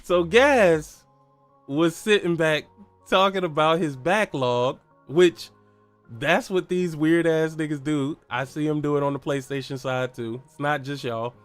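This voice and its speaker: A man with a fairly high voice rants through a solo gaming podcast. He is heated, profane and mocking, and keeps hammering at rhetorical questions. Faint music plays softly underneath. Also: a little slow, clean tone. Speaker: podcast host.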